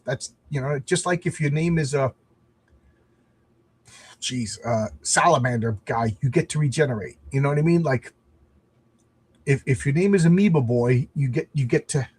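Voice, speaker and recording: Husky rambling man on a livestream. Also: fairly high pitch. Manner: rambling, self-deprecating, frequent restarts. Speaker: comic book creator and livestream host. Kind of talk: casual livestream chat.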